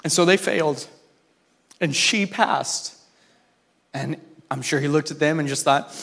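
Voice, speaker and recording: A man preaching a sermon in a casual, conversational way, telling a story with lively voices for the people in it. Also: a little high, unhurried, gravelly, long pauses. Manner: informal and conversational, with restarts. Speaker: pastor.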